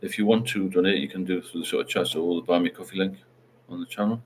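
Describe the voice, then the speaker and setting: A man's voice: sits low, steady tone, fast, slight background noise. A middle-aged man, hosting a casual livestream chat and rambling while he reads out viewer comments. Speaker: livestream host.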